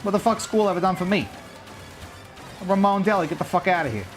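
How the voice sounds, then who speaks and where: A man's voice: sits high, lively intonation, fairly quick, soft background music, voice pushed up. Man putting on a brash Boston tough guy. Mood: cocky. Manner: swearing, combative, mocking.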